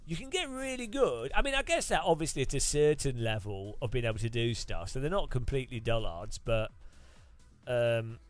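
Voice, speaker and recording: A man's voice: medium pitch, very animated, normal speed, soft background music. A man chatting casually while sim racing, rambling and chuckling. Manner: rambling, chuckling, lots of restarts. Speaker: streamer.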